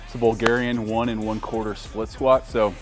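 A man's voice: fairly low pitch, little pitch movement, normal speed, music in the background. Tired, self-mocking man at the gym. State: tired, worn out from training. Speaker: fitness vlogger. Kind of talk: casual vlog chat during a workout.

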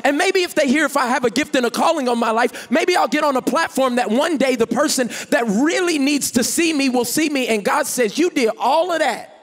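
A male pastor preaching at a conference, emphatic, shouting out scripture and slowing down for key points. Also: very high voice. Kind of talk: conference sermon.

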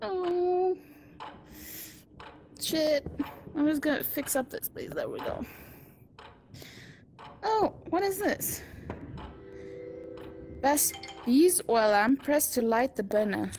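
High-voiced woman cursing through a game. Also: slow, pauses often, noisy background. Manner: swears and reacts out loud. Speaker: gamer. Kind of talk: casual gameplay commentary.

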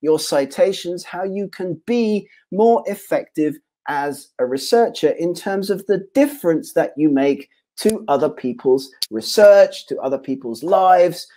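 A man's voice: high-pitched, mellow. A man giving an online webinar presentation to researchers, restating each point in repeated lists of phrases.

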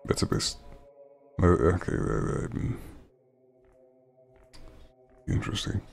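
Low, gravelly joking gamer man. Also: sing-song, moderate pace, darkish tone, soft background music. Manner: joking, wry, muttering asides. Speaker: gamer playing a horror game. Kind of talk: let's play commentary.

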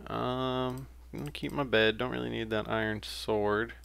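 A man's voice: medium pitch, fairly even intonation, moderate pace, gravelly, a bit bright, smooth. A young man giving casual, rambling commentary while playing a game, with frequent fillers and self-corrections. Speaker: let's play gamer.

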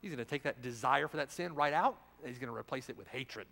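Emphatic preacher in a reverberant church. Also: male voice, mid-range voice, fast talker, vocal fry. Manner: emphatic, rhetorical questions, swings from loud to hushed. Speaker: pastor. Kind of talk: sermon. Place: church sanctuary. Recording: long reverb of a church hall.

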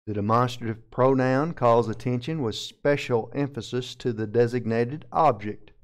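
A man's voice: medium pitch, a little mellow. Man teaching Greek grammar from the pulpit. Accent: Southern American. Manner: methodical, explains Greek grammar term by term. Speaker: pastor. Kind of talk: verse-by-verse Bible teaching.

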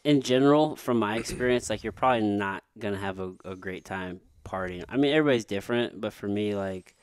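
A man with a lowish voice hosts a podcast in relaxed conversation. He talks loosely and informally, leaning on "like" and dropping swear words. The recording is dry and close. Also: a little fast, smooth, dry recording. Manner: loose and casual, with frequent "like" and swearing. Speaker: podcast host.

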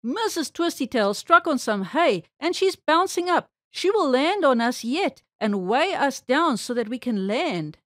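A woman voicing a calm, kindly elderly gentleman rabbit in a storybook read-aloud, in a gentle lowered voice. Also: a little slow, hardly any pauses, no room sound, clean studio sound, exaggerated voice.

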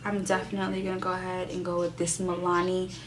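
A woman's voice: fairly low pitch, completely flat delivery, fast, slight background noise. A young woman doing a casual makeup tutorial, sassy and playfully profane, hyping herself up as she works. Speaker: beauty vlogger.

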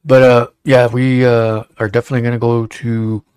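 A man's voice: medium pitch, flat delivery, normal speed, darkish tone, smooth, dry recording, clean studio sound. A man hosting a casual livestream show, rambling and joking with lots of fillers. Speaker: show host.

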